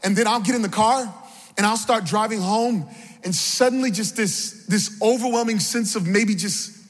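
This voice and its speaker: A man's voice: high voice, normal speed, big-room sound. A man preaching a sermon as pastor, calling out to the congregation for responses and building in energy as he goes. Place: church sanctuary.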